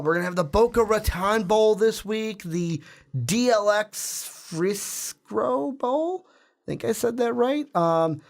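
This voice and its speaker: A chatty man hosting a casual sports podcast. His voice sits a little high and he rambles along loosely, tripping over names as he goes. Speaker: podcast co-host.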